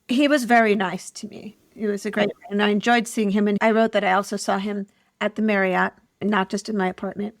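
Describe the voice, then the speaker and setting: A woman's voice: medium pitch, dry recording, clean studio sound. A woman co-hosting a podcast, telling candid stories in casual chat, giggling often and laughing at herself. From Ireland. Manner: giggly, self-deprecating storyteller. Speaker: podcast co-host.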